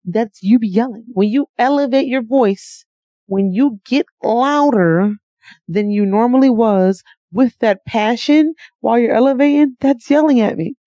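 A woman's voice: a little high, a little slow, warm tone, no echo. A woman co-hosting a podcast, pressing her partner with pointed questions and laughing often. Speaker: podcast co-host. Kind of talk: casual argumentative chat. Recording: dull, dry lo-fi mic.

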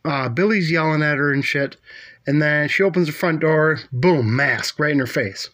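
A man's voice: on the high side, moderate pace, fairly bright tone. A middle-aged man casually retelling a movie plot, rambling and swearing a lot, with plenty of fillers. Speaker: movie recapper.

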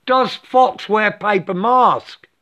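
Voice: medium pitch, takes it slowly, pushed and bright. A speaker delivering an impassioned solo rant in clipped, broken English, dropping articles, tagging lines with "yeah?" and swearing often in anger. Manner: swears often and vents with angry emphasis. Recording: dull lo-fi recording.

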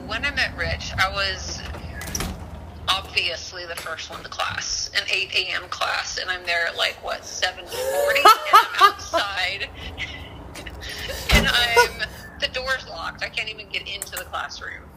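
A middle-aged woman telling a personal story in casual chat, animated, dropping to whispers and laughing as she goes. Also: mid-range voice, unhurried, background noise.

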